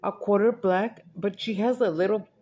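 This woman, a mukbang vlogger, rambles chattily through tales as she eats, mixing in Spanish and laughing a lot. Her mid-range voice is steady and a little mellow, at a moderate pace.

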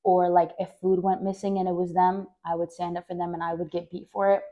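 Over phone-quality audio, a Mexican woman hosting a podcast recounts her life in a brisk, flat delivery. She rambles and fixes herself mid-sentence, uses "like" a lot, and performs quoted voices in a louder, higher register.

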